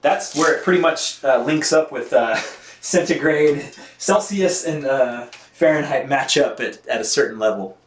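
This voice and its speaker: A man's voice: on the high side, measured pace, roomy sound, slight background noise. A man chatting casually on a live stream, laughing often and reading out viewer comments while cleaning his bike. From United States.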